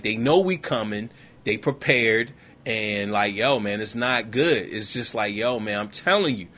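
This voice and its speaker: A man hosting a podcast, retelling a movie in a slangy, animated comic style full of "yo, man," slipping in quick character voices. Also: medium pitch. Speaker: podcast host. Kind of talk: comedic movie recap.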